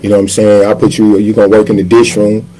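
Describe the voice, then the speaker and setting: A man in his fifties, a chef, telling his life in a relaxed sit-down interview. He talks in loose slang and keeps slipping into other people's voices as he acts out their quotes. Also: on the low side, fast talker, rough recording. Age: 50s. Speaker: chef guest. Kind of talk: casual storytelling interview.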